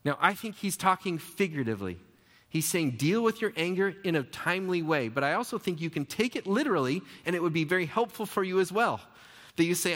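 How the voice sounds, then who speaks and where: A man's voice: on the high side, lively intonation, fast talker, a bit bright, long reverb tail. A man giving a conversational sermon as a pastor, asking his listeners rhetorical questions and often restarting his phrases.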